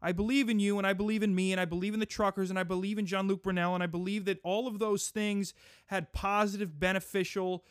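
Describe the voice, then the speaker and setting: High-voiced man in a crude comic rant. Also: flat delivery, quick pace, clear, resonant tone, no echo, studio quality. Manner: crude, profane, mock-pompous ranting. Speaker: podcast host. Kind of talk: comedic monologue.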